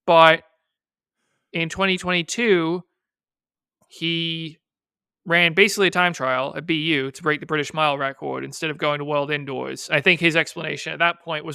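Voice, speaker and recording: A man from Boston co-hosting a podcast in casual chat, thinking out loud and hedging with "I mean" and "like". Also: a little high, steady tone, fairly quick, clear, resonant tone, dry recording, studio quality. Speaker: podcast co-host.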